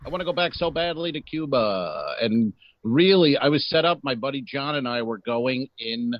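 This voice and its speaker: A man's voice: medium pitch, animated, normal speed, dry recording. Male co-host, blunt and profane wisecracker, dry lo-fi recording. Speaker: podcast co-host. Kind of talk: casual chat.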